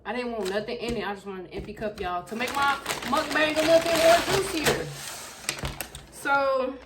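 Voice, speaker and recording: A young adult woman talking loud and animated, with a lot of swearing, in a casual storytime vlog filmed at home on camera. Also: medium pitch, noisy background. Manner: loud, animated, profane chatter. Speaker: YouTuber. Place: home room with backlight. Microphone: camera in front of her.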